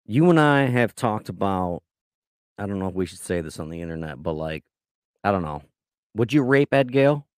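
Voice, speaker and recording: Brief: male podcast co-host, deeper voice, dry close mic, crude provocative banter. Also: lively intonation, moderate pace, clean tone, no room sound. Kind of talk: casual podcast chat.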